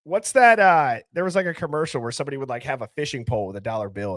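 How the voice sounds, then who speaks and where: A man's voice: mid-range voice, animated, no room sound, clean studio sound. A man hosting a live call-in stream, greeting viewers by name in a playful, chatty way. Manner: rapid shout-outs, playful and chatty. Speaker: live call-in show host. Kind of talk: casual live-stream chat.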